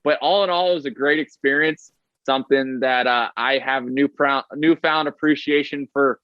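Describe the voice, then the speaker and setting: A man, a baseball player, telling stories in casual podcast talk, fast and chatty with many fillers and "right?" tags. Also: mid-range voice, steady tone, dry recording, dull audio.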